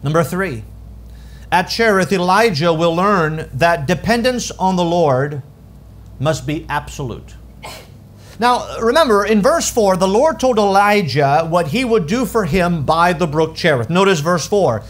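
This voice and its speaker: Preaching a sermon at a measured pace, a pastor uses a high, expressive voice that rises and falls sharply. He moves between ringing, loud calls and hushed, low lines, giving every point drama in the sanctuary.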